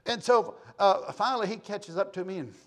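A man, a pastor telling a folksy, animated story from the pulpit and acting out the exchanges. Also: high voice, brisk. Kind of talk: sermon storytelling.

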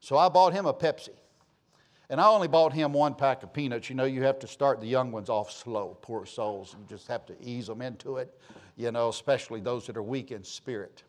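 A man with a Southern US accent preaching a sermon, telling folksy stories and swinging between loud calls and low asides. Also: brisk. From Georgia, US. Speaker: pastor.

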